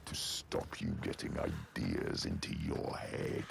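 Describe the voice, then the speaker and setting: An actor playing a cruel, domineering spectral father voice in a game, with a deep gravelly sound and slow contemptuous taunting. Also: monotone, heavily acted. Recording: game audio with ambient noise.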